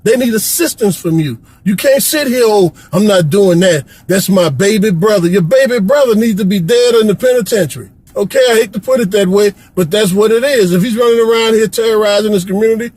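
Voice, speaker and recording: Middle-aged man from Chicago, high husky voice, preachy, pleading vlog rant. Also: fast talker, hardly any pauses, a little mellow, poor audio. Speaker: vlogger. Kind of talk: impassioned rant to camera. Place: Florida.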